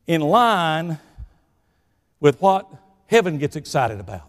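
An older man with a Southern US accent preaching a sermon, telling folksy stories that swing between shouting and hushed asides. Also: a little high, very animated, slow pace, long pauses, in a large hall.

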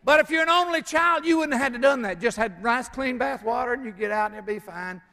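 An older man preaching to his congregation in a folksy, storytelling way, joking and pausing often with "uh". His voice sits high for a man, and the church sanctuary gives it a long, ringing reverb. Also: sharp tone. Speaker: pastor. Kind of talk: sermon.

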